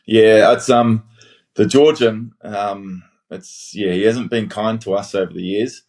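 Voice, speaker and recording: A man with a New Zealand accent, a guest former rugby player calling in, giving relaxed, hesitant analysis full of fillers. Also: lowish voice, measured pace. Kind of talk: casual podcast chat, calling in online.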